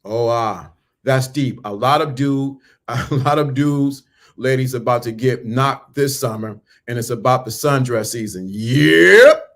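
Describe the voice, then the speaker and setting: Here a man speaks at medium pitch with a steady tone and measured pace, giving a motivational talk about mindset and dating. He's emphatic and preachy, repeating lines, slipping in casual slang, and questioning the listener directly.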